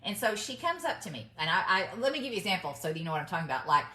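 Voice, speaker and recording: A middle-aged vlogger with a lowish voice tells a chatty, emphatic story to camera about business mindset, calling her viewers y'all. She talks very fast with big pitch swings and a sharp tone, and the sound is reverberant.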